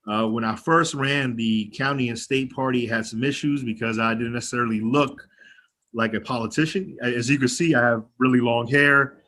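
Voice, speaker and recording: A man's voice: mid-range voice, fairly even intonation, normal speed, pushed and bright. Blunt young man with a twang, rousing. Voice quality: a twang in his voice. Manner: candid and blunt, swears freely, rousing. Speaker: county legislator speaking to an activist group. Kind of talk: personal speech at an online meeting. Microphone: video call.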